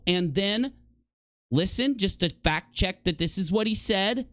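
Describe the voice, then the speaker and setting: A man's voice: high voice, expressive, measured pace, a bit bright, dry recording, studio quality. A man delivering indignant commentary as a vlogger, emphatic and accusatory, repeating points for effect.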